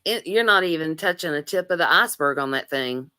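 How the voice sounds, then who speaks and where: A woman hosting a casual livestream chat, chatty and quick to laugh, with lots of fillers. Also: low voice, expressive, pushed and bright, clean tone, no echo, studio quality. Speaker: livestream host.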